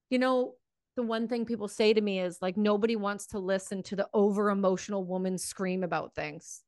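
Recorded in a clean studio with no room sound, this woman has a mid-range voice. As a podcast host she delivers fiery, emotional commentary, swearing freely, then shifts to interviewing her guest.

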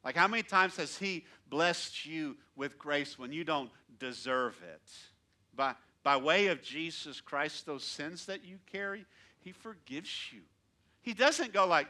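A male pastor preaching in a church, his voice bright and fairly high for a man. He is animated, pushing hard on key lines and then dropping to soft asides. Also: unhurried. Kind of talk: sermon.

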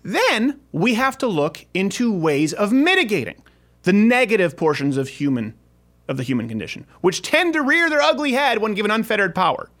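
A man hosting a political talk show, his fairly high voice swooping up and down as he talks. His delivery is sarcastic and rambling, full of restarts and quick asides. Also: very animated, fairly bright tone. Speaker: podcast host.

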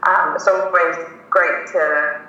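A woman's voice: lowish voice, steady tone, slow, bright, forceful tone, far from the mic. A woman in her forties from the English Fens, chatting as a podcast guest in a rambling way. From East Anglian Fens, England. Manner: chatty and rambling, with many fillers and restarts. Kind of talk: casual podcast conversation. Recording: echoey room, off-mic, slightly dull.

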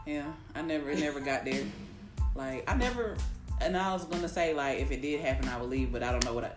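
A woman's voice: deep voice, reverberant, music in the background. A woman co-hosting a casual chat, asking questions and agreeing with the others. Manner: asks questions, quick to agree. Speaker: podcast co-host.

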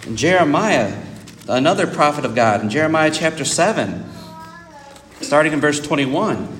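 A man's voice: a little high, sing-song, moderate pace, fairly bright tone, a little hiss or hum. A man preaching a sermon, explaining scripture in an earnest way and often repeating words as he goes. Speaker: pastor. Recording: echoey hall reverb.

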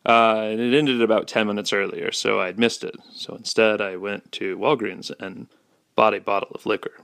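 A young man hosting a podcast, rambling through comic-strip commentary with deadpan jokes. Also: lowish voice, normal speed, vocal fry, no room sound, studio quality. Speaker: podcast host.

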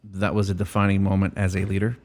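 A male podcast host asks his questions with a playful, joking touch. His voice sits fairly low. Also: completely flat delivery, quick pace, darkish tone. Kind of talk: casual podcast interview.

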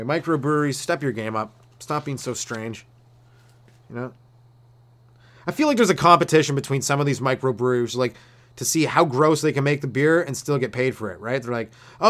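A young man doing a rambling, profane solo comedy rant, acting out silly voices. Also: mid-range voice. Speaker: stand-up comedian.

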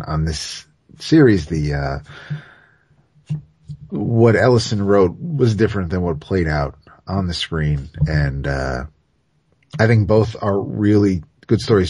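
A man's voice: low voice, darkish tone, breathy edge, no room sound. A man co-hosting a comics podcast, chatting casually and hesitantly with many fillers and restarts. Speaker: podcast co-host.

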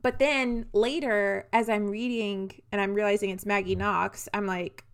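A young woman co-hosting a casual book-club podcast who rants in an animated way and swears freely. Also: mid-range voice, unhurried, clean tone. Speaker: podcast co-host.

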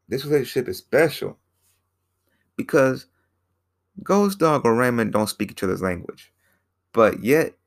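A man's voice: fairly low pitch, gravelly. A man casually recapping a film in a rambling way, repeating himself and using lots of fillers. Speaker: film reviewer.

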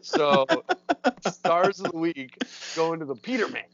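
A man co-hosting a podcast in casual chat, excitable and swearing, rambling with hype, recorded remotely over a call. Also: on the high side, measured pace, creaky, muffled recording, crowd noise. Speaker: podcast co-host. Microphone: remote call mic.

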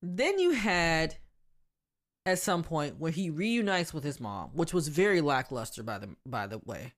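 Woman, podcast co-host, lively lilting delivery, lowish voice, laughs a lot. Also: unhurried. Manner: animated, laughs often, speaks frankly. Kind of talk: casual chat.

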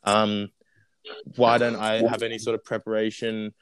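A man's voice: fairly low pitch, monotone, moderate pace, a bit bright, clear, resonant tone, no echo, poor audio. A young man with an Australian accent telling a long casual story as a guest, rambling with lots of fillers and restarts.

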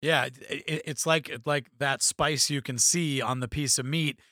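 A man's voice: medium pitch, steady tone, measured pace, pushed and bright, no echo, studio quality. A man in his thirties, a podcast co-host, asking thoughtful questions in a casual chat and laughing easily.

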